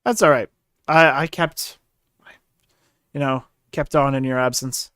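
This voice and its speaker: A man's voice: mid-range voice, steady tone, unhurried, a bit bright, dry recording. A man co-hosting a live podcast, reading news and adding wry commentary. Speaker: podcast co-host.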